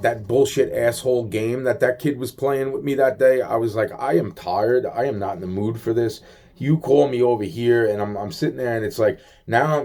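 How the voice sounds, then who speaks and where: A man's voice: medium pitch, a little mellow. A man venting in a rambling casual monologue, agitated, profane and full of repeated fillers.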